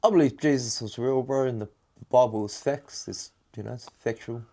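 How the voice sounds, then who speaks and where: A man's voice: mid-range voice, normal speed, dark tone, slight background noise. A man in casual podcast chat, speaking hesitantly and thoughtfully with many fillers.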